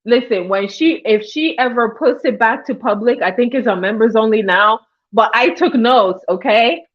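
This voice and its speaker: Female livestream host, casual chatty commentary, slightly high voice, dull lo-fi audio. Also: normal speed. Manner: chatty, greets chat viewers by name mid-story.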